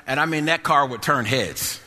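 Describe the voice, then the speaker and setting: A man's voice: mid-range voice, normal speed, pushed and bright, big-room sound. A man preaching a testimony sermon with emphatic, repetitive phrasing that builds to sung-out peaks.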